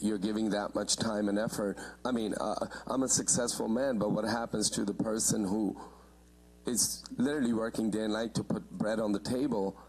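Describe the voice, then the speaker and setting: A middle-aged man giving earnest, halting public testimony at a committee hearing, with many fillers. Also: lowish voice, a little mellow, breathy edge, low-quality recording.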